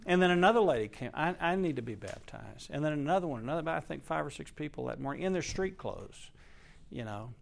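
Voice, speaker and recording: A male pastor delivers a sermon as a story, pushing hard on key lines and then dropping to a hush. His voice sits a little high and has a gravelly edge. He sounds earnest and emphatic throughout. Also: animated, fairly quick, slight background noise.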